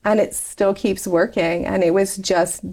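A slightly mellow, mid-range female voice with fairly even intonation talks a little slowly. She's in her forties, a guest in an interview, telling her life story with candor and chattiness and plenty of laughter.

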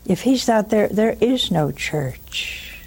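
A woman hosting a religious call-in show, teaching in an animated way, mocking with put-on quotes and dropping to a hush for emphasis. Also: mid-range voice, takes it slowly, breathy edge. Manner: animated, mocks with put-on quotes, drops to a hushed whisper for emphasis.

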